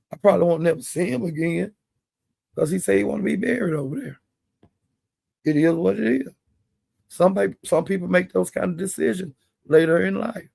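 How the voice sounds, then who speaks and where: A man's voice: sits high, creaky, darkish tone, breathy edge, dry recording. An older man giving blunt, profane commentary in casual chat. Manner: blunt, profane, plain-spoken. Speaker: live-stream commentator.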